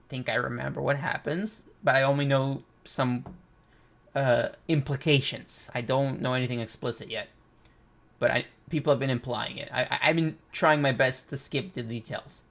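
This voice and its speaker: A man hosting a casual comic reaction, reading panels aloud and thinking out loud with excitement. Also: medium pitch, measured pace, vocal fry. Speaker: manga reaction host.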